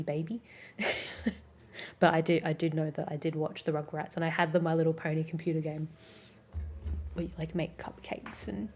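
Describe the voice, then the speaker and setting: A woman in her twenties with a Melbourne Australian accent chats casually on a stream, reading out viewer comments in a relaxed, rambling way. She swears freely and says "like" constantly, and her low voice has a breathy edge.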